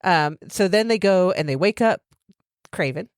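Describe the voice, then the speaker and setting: A woman's voice: on the low side, animated, normal speed, dry recording, studio quality. A woman co-hosting a podcast, chatting casually and rambling through a film recap with lots of filler words. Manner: rambling, giggly, many "like" fillers. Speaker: podcast co-host.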